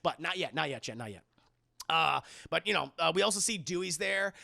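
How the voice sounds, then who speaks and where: A man streaming a casual scene-by-scene film recap to his live chat, animated, profane and laughing often. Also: fairly high pitch, a little fast, gravelly.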